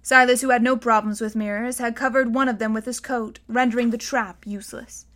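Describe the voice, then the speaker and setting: A woman narrating an audiobook in a clear, unhurried way. Her voice sits a touch higher than most, and she keeps the telling steady and even.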